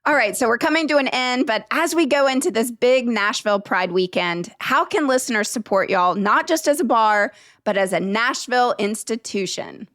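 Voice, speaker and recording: Upbeat woman podcast host, higher voice, dry studio sound. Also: normal speed, fairly bright tone, no room sound. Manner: upbeat, encouraging reactions. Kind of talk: interview and show outro.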